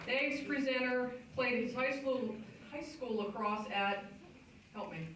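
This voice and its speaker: A woman hosts a hall of fame ceremony with casual, joking introductions. Her voice carries a booming hall echo and is picked up from well back in the room. Steady background noise sits under her. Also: slow pace, a loud crowd. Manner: casual and joking, loose asides. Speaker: awards ceremony emcee. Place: banquet hall. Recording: echoey hall recorded from far off.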